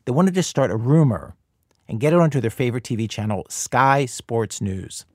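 A man's voice: mid-range voice, expressive, normal speed, darkish tone, no echo. A man hosting a public radio story program, in scripted narration with a conversational, dry delivery. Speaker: radio show host.

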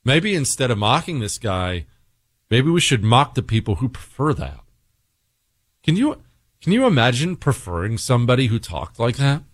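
Sarcastic talk radio host, dry close mic. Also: male voice, mid-range voice, very animated, normal speed, dry recording. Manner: sarcastic, emphatic, repetitive ranting. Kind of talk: opinionated talk radio monologue.

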